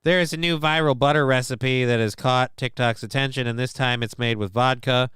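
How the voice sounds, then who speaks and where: Sarcastic, profane streamer with a smooth voice. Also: male voice, mid-range voice, steady tone, fairly quick, few pauses, fairly bright tone, dry recording, clean studio sound. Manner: sarcastic, profane, joking asides. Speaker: livestream host. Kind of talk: casual commentary reading news to chat.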